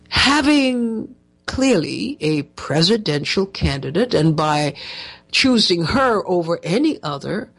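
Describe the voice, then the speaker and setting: A woman hosting a talk show, giving sarcastic, mocking political commentary. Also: lowish voice.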